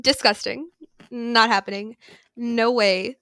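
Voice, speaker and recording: A woman's voice: on the high side, normal speed, fairly bright tone, no room sound. A young woman co-hosting a podcast, recapping a novel in casual chat with lots of "like" and emphatic asides. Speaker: podcast co-host. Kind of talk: casual book discussion.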